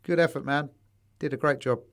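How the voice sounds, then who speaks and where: A man's voice: medium pitch, fairly even intonation, fairly quick. A man co-hosting a casual podcast chat, swearing freely and telling anecdotes with quoted voices. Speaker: podcast co-host.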